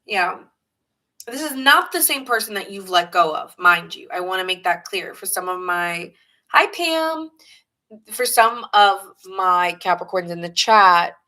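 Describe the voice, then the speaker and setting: A woman with a New York accent gives a live tarot reading, chatting loosely and greeting viewers. Her voice is bright and forceful. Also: medium pitch, expressive, unhurried, low-quality recording. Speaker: tarot reader.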